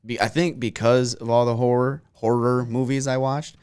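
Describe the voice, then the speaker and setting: A man's voice: mid-range voice, flat delivery, normal speed, darkish tone, clean tone, dry recording. A man from Minnesota with a Minnesota accent, chatting candidly as a podcast guest, rambling and self-deprecating. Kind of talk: casual chat.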